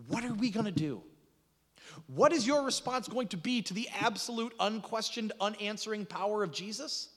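Dramatic preacher with hall reverb. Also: male voice, high-pitched, expressive, moderate pace. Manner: dramatic, acts out voices in retelling, drops to hushed intensity. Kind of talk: sermon.

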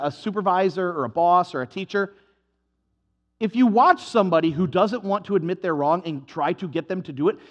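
Male pastor with a high, very lively voice, preaching animatedly and slipping into playful acted-out exchanges. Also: muffled recording. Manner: animated, acts out dialogues with comic voices. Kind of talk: sermon.

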